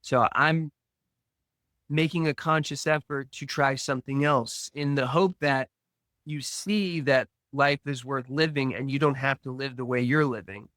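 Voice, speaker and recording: A man, a guest on a podcast, slowly and earnestly telling a personal recovery story, acting out remembered dialogue. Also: medium pitch, fairly bright tone, no room sound.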